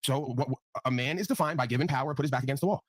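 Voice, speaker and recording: A man's voice: mid-range voice, very fast, no echo. A man hosting a live online panel, talking in a blunt, profane way and often tagging his points with "right?". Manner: blunt, profane, repeats tag questions. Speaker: livestream panel host. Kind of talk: casual ranting talk.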